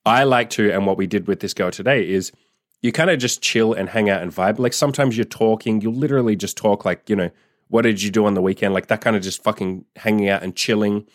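A man's voice: fairly low pitch, a little fast, no room sound, studio quality. A man coaching listeners in a blunt, profane, laid-back advice monologue. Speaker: dating and sex coach.

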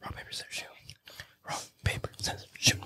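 A man's voice: fairly quick, bright, forceful tone, in a whisper. A man co-hosting a podcast, chatting casually with friends, stumbling over tongue twisters and swearing freely. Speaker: podcast co-host. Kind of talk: casual chat among friends.

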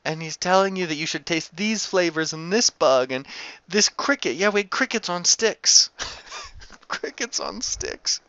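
A man telling a food travel story to camera in a casual, animated, profane way that is often broken by laughter. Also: high-pitched, unhurried, no echo. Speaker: travel vlogger. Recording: slightly dull lo-fi sound.

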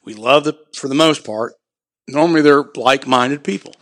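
A man's voice: medium pitch, normal speed, a bit bright, dry recording. A man talking on a podcast as a guest who runs a shooting event, blunt and profane, rambling with lots of "you know" fillers. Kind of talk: casual podcast conversation.

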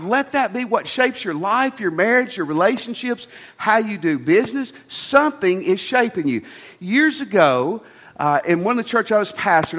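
A middle-aged pastor preaches in an animated, folksy style, repeating his key phrases. His voice sits high for a man and swoops widely from line to line. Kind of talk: sermon.

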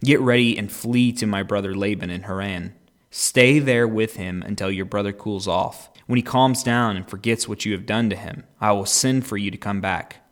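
A man's voice: lowish voice, normal speed, lightly acted. A man reading the lines of a worried mother urgently warning her son.

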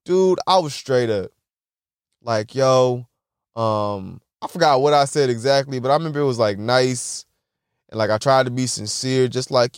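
Speaking at a moderate pace in an animated mid-range voice, the same kind of young podcast host is recorded dry with clean studio sound. He rambles through humorous anecdotes, cursing, laughing at his own jokes and mimicking other people.

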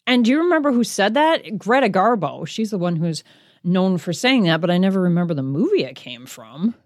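A woman hosting a solo podcast, chatting casually in a self-deprecating way and slowing down to read out quiz words. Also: medium pitch, big pitch swings, no echo, studio quality. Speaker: podcast host.

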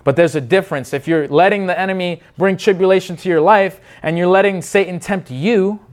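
A man's voice: sits high, brisk. A man preaching a sermon in an earnest, unscripted way, often restarting his phrases. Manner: earnest, many restarts, acts out quoted voices.

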